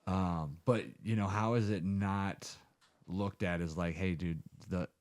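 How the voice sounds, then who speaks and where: A podcast host in his thirties from Ohio rambles through stories in casual chat, swearing heavily. His low voice is a little mellow, with fairly even intonation and a measured pace.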